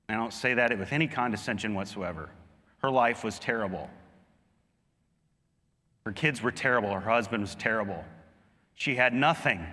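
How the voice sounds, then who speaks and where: A man delivers an earnest sermon in a bright, forceful voice. He presses his points by pushing higher and louder. The sound carries a long reverb, as in a big hall. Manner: earnest preaching, rising emphatically on key points. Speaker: pastor.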